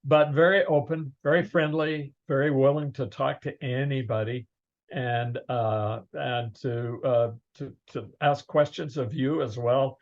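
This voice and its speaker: An older man, a guest in a casual interview, speaking in a plain, measured way. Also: medium pitch, fairly even intonation, lo-fi sound, slight background noise.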